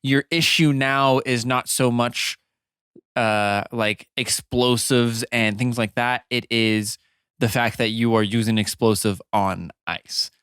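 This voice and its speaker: A man joking around as a player in a tabletop game session, with restarts and quick laughs. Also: mid-range voice, fairly even intonation, a bit bright, clear, resonant tone, dry recording, clean studio sound.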